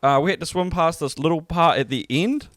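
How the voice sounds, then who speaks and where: A young New Zealand man co-hosting a podcast, telling a story in a relaxed, joking, sweary way. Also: a little high, a little fast, no room sound. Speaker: podcast co-host. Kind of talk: casual storytelling chat.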